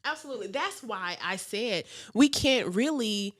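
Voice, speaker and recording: A woman's voice: on the high side, normal speed. A middle-aged woman co-hosting a podcast, telling personal stories frankly and with plenty of laughter. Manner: frank, animated storytelling with laughter. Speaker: podcast co-host. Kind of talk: casual chat.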